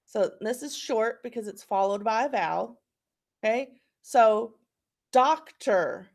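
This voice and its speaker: Speaking slowly with an Oklahoma accent, a woman teacher guides her students through phonics, saying each word again and again so they can practice. Her fairly high voice has vocal fry and a slightly mellow quality.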